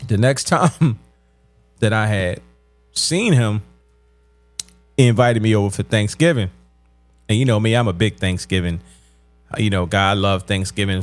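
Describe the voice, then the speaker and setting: A man telling crude, profane comedy stories in street slang, with a drawn-out delivery, often breaking into laughter. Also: fairly low pitch. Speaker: stand-up comedian. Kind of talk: comedic storytelling.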